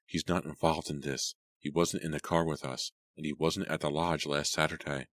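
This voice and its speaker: A man's voice: a bass voice, level tone, moderate pace, a bit bright, no echo. A man reading a bitter teenage girl. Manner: murmuring, bitter.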